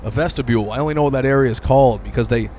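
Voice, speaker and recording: A young man in casual conversation, telling animated stories full of swearing. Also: medium pitch, a little hiss or hum. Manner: fast, animated storytelling with heavy swearing. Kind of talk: casual podcast chat.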